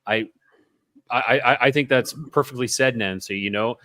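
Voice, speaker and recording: A man's voice: medium pitch, normal speed, sharp tone, dry recording, studio quality. A man co-hosting a call-in show, talking casually and reassuringly while often repeating himself. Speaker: co-host. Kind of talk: casual talk show chat.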